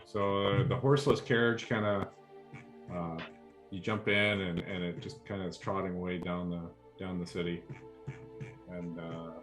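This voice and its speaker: Low-voiced guy running a tabletop game, kinda halting, lots of uhs. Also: steady tone, soft background music. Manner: descriptive, with frequent fillers. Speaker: game master.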